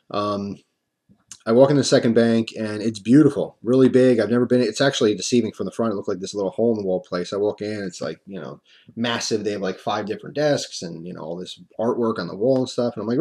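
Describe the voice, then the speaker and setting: A man's voice: lowish voice, darkish tone. Chatty, rambling man telling a story. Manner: rambling, chatty, many fillers and restarts; wry self-mocking humor. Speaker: coin-collecting vlogger. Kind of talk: casual storytime monologue.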